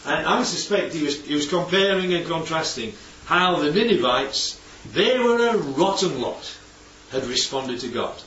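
In a conversational sermon, a man chats with his congregation and frequently asks them rhetorical questions. His voice is a little high, animated and a bit bright, a little slow yet with hardly any pauses. Slight background noise, an echoey hall, and a distant, dull mic shape the recording.

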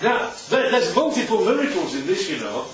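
Over a crowd in the background, a preacher leads a Bible study in a high, sing-song voice at a fairly quick pace. His sermon is interactive, with "right?" tacked onto almost every point, and the recording is echoey and dull from a distant mic.

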